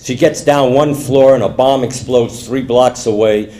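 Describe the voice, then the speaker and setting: An older man telling jokes to a live audience in an animated storytelling manner. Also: mid-range voice, a little slow. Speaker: stand-up comedian.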